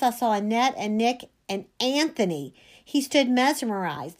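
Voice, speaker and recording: A woman reading a first-person story aloud, expressive. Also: on the high side. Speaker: reader.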